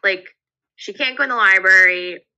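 Bright-voiced woman, tentative, lo-fi. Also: medium pitch, moderate pace. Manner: thoughtful, tentative, many "like"s. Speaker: podcast co-host. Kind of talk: reading aloud and casual discussion.

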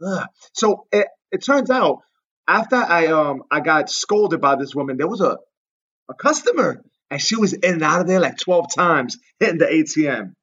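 A man's voice: a little high, normal speed, breathy edge, highs cut off. A man, a podcast guest, telling comedic stories in a casual, profane way and acting out the people in them. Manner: animated, profane, acts out the people in his stories.

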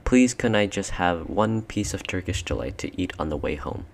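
A man's voice: deep voice, lively intonation, moderate pace. A man reading an audiobook, voicing a greedy, snappish schoolboy who pleads. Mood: pleading.

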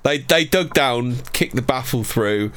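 A man's voice: mid-range voice, fairly bright tone, a little hiss or hum. A man co-hosting a casual online chat who teases the others and laughs easily. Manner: teasing, quick to laugh.

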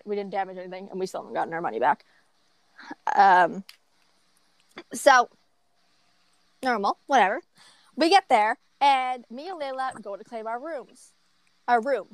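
A woman in a casual storytime chat, rambling through an animated story and often giggling. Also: on the high side, no echo. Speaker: vlogger telling a story.

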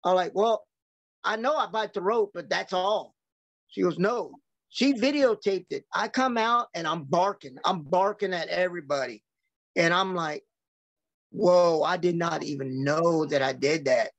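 A man's voice: high voice, a little slow, fairly bright tone, no room sound, lo-fi sound. A man, a professional wrestler, telling casual stories on a podcast, acting out quoted dialogue and swearing freely.

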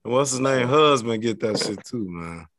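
A man's voice: mid-range voice, expressive, normal speed, a crowd in the background. A man co-hosting a podcast, arguing and bantering in casual chat. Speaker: podcast co-host.

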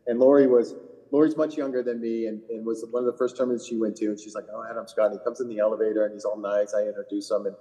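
A man co-hosting a casual golf podcast, spinning long rambling anecdotes with a loose, profane edge. His voice sits warm and dark. The recording rings with a long room reverb. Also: on the low side, little pitch movement, very fast. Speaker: podcast co-host, PGA Tour caddie. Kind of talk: casual chat, storytelling.

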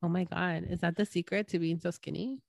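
A woman's voice: lowish voice, steady tone, brisk, vocal fry, no room sound, clean studio sound. A woman co-hosting a podcast, reacting with laughs and teasing asides in a laid-back way. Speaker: podcast co-host. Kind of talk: casual explicit chat.

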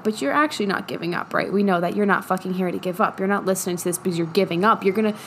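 Talking fast with hardly any pauses, a young podcast host gives a casual, emphatic pep talk full of profanity and laughs. Her voice is mid-range, and there's slight background noise.

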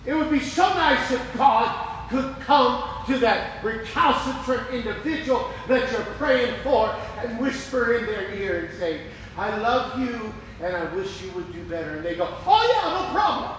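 A man preaching a sermon, animated, acting out prayers in a raised voice. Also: very high-pitched, unhurried, few pauses, a little hiss or hum. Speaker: pastor. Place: church sanctuary. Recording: echoey room heard from a distance.

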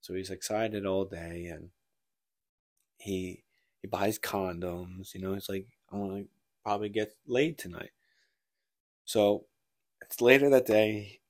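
A man's voice: fairly low pitch, steady tone, slow, long pauses, no room sound, studio quality. A man co-hosting a casual podcast, retelling a book plot in a rambling way and acting out the characters' lines. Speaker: podcast co-host.

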